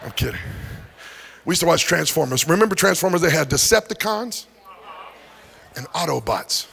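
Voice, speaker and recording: Preaching at normal speed in a church sanctuary, a middle-aged pastor sounds animated, his high-side voice gravelly with a sharp tone. His sermon lifts into sing-song rises, and he trades jokes with the congregation.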